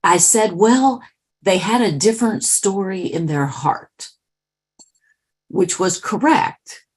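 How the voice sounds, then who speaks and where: A woman author and speaker telling a story in a lively, conversational interview, with asides to her listeners. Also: medium pitch, slow, a little hiss or hum.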